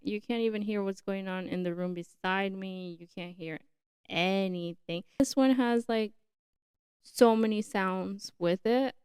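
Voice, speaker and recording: A woman's voice: medium pitch, smooth, dry recording. Chatty young woman podcast host. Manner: chatty, excitable, says like a lot. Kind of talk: casual solo podcast chat. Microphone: new podcast mic setup.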